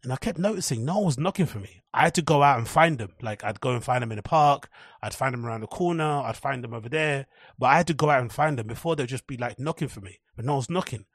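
A young man hosts a solo podcast, rambling through casual, profane stories and animatedly acting out the voices of people he quotes. He talks fast in a medium-pitched, slightly rough voice, with clean studio sound and no echo.

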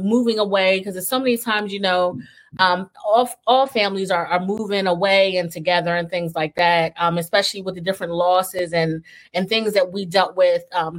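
Chatty laughing woman host. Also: medium pitch. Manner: enthusiastic, laughs often, chatty with fillers. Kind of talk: casual interview chat.

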